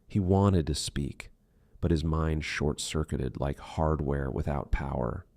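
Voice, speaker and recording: Very deep gravelly male narrator. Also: no room sound, studio quality. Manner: measured, dark storytelling. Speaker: audiobook narrator. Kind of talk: scripted narration.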